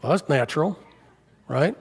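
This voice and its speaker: An older man tells stories from the pulpit in a relaxed, conversational way, often turning to ask the congregation questions. His voice sits a little high for a man. The sound carries the long reverb of a church sanctuary. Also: moderate pace, vocal fry, slightly rough. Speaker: guest preacher. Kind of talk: storytelling sermon.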